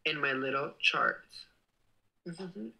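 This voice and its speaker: A livestreamer chatting casually and reading viewer comments, playful and gushing, with affectionate swearing and sudden excited outbursts. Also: medium pitch, slow, gravelly, noisy background.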